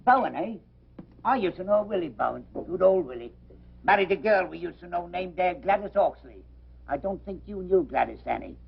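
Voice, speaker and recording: Older publican, man, cantankerous, gravelly rasp, fairly high lively voice. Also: normal speed. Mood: rambling. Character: gruff older male London pub owner, quarrelsome. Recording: dull old film soundtrack.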